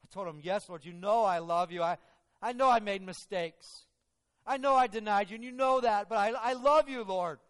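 A man's voice: on the high side, a little slow, natural voice. A man voicing a remorseful, devoted apostle who speaks earnestly and with rising emotion, in a sermon role-play with long hall reverb. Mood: remorseful, fervent.

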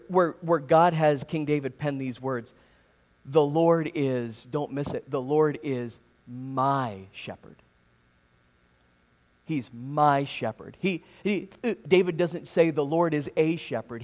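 A man preaching a sermon in a church sanctuary, his voice sitting a little higher than most men's. He stops and restarts often and repeats words as he works toward a point. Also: a little mellow, dull audio. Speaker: pastor.

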